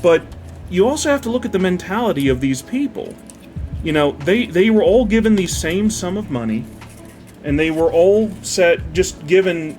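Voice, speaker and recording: A man's voice: high voice, animated, moderate pace, a little mellow, soft background music. A man chatting casually while building a model. He rambles, swears freely and loses his thread as the build distracts him. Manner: meandering, profane, easily distracted by the build. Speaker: model builder retelling a parable.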